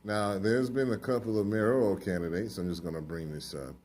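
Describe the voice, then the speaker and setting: Low-voiced man hosting an interview. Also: fairly even intonation, a little fast, a little mellow, a little hiss or hum. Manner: casual, conversational, teasing. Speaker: interview host. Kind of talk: interview questions.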